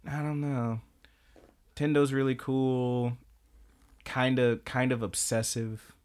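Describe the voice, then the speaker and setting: A man's voice: medium pitch, little pitch movement, slow pace, darkish tone, clean tone. A young man co-hosting an anime podcast, rambling in casual chat, joking and swearing freely. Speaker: podcast co-host.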